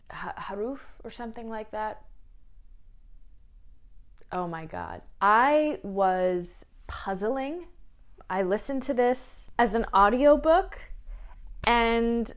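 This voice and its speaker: A young woman chatting casually as a book vlogger, emotional and quick to laugh and tear up. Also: medium pitch, expressive. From small town, Midwest US. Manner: chatty, emotional, laughs and tears up while talking. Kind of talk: casual chat.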